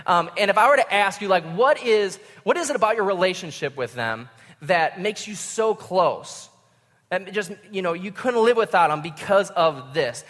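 A man's voice: high-pitched, animated, normal speed, fairly bright tone. Young man preaching in a reverberant hall. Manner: conversational, self-mocking storytelling. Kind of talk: sermon.

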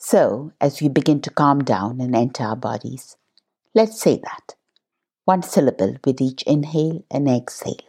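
Female meditation host: very low, husky voice, unhurried and calm guidance. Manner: slow, calm, measured delivery. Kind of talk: guided Christian meditation.

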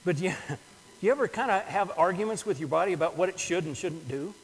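A man's voice: sits high, a little fast, breathy edge. Older man, pastor, earnest sermon, repeats himself for emphasis, echoing hall. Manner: earnest, repeats words while building a point.

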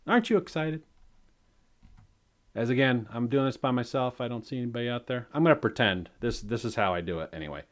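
A man's voice: medium pitch, fast, few pauses. A man hosting a solo podcast, rambling and swearing freely while he mocks himself. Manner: rambling, profane, self-mocking. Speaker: podcast host.

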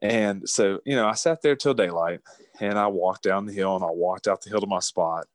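A man from West Virginia, telling a hunting story in an animated, folksy way with frequent laughs. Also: deep voice, normal speed, no echo. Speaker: guest. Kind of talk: casual storytelling.

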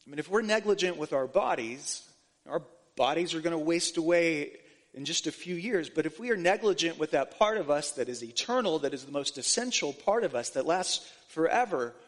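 Male preacher, slightly high voice, earnest sermon delivery, long hall reverb. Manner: earnest, restarting phrases, quoting scripture. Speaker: pastor.

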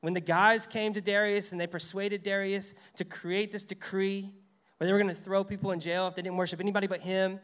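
A man preaching a sermon in a casual, conversational way, reading verses aloud and acting out the lines of the story. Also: high-pitched. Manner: conversational preaching, reads scripture aloud, acts out quotes. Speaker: pastor.

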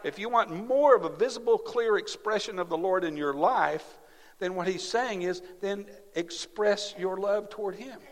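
A pastor delivers a sermon in a lively storytelling manner, laughing and checking in with the congregation. His voice sits a little high for a man. The sound rings with the long reverb of a large hall. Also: moderate pace.

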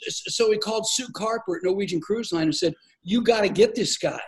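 A man's voice: high voice, brisk. An older man, a comedian, telling stories playfully as a guest in an interview. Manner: playful, animated storyteller with frequent laughs. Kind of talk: storytelling in a podcast interview.

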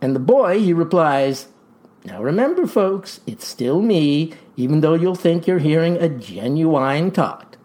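An actor playing a folksy farmer pitching a tonic in a comic ad, with verbose, showman's patter. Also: expressive, unhurried, darkish tone. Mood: boastful pitch. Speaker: pitchman in a mock radio ad. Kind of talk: comic radio ad acting.

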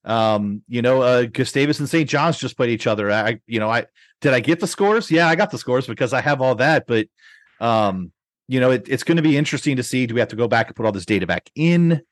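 A man's voice: medium pitch, expressive, fairly quick, no echo. A man hosting a podcast in casual chat, rambling with many restarts and fillers. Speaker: podcast host.

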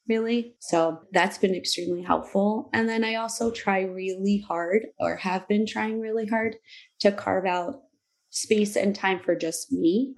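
A woman in her thirties, a guest in an interview, speaking slowly and reflectively about hard personal things. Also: on the low side, creaky. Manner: slow, reflective, emotional. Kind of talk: candid interview talk.

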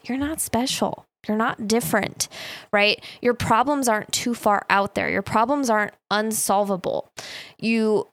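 A woman's voice: medium pitch, no echo. A woman hosting her own podcast as a life coach, talking in a chatty, emphatic and reflective way, repeating words for stress. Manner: reflective and self-deprecating. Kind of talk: casual solo podcast monologue.

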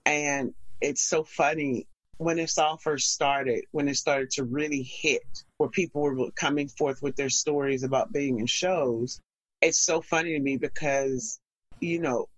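A woman's voice: sits low, fairly even intonation, a little slow, no echo. Woman, stage actress, interview guest, frank, emphatic, blunt asides, dry close sound. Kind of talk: candid conversational interview.

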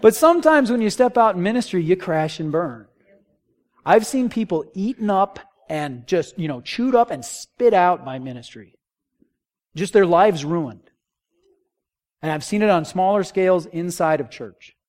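Animated, joking male pastor preaching. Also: high-pitched, measured pace. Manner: animated storytelling with acted-out quotes; informal, joking. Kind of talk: sermon.

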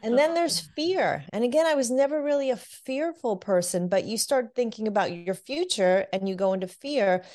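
A woman working as a divorce coach, speaking candidly in an interview and telling her story with lively acted quotes. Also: fairly high pitch, moderate pace, hardly any pauses. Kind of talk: interview conversation.

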